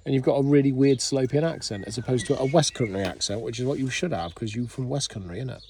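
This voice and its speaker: Man, casual vlogger, chatty, joking, average pitch, noisy recording outdoors. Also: quick pace, a little mellow. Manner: chatty, joking, often laughing. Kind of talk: casual vlog chat. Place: outdoors at home. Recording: noisy background.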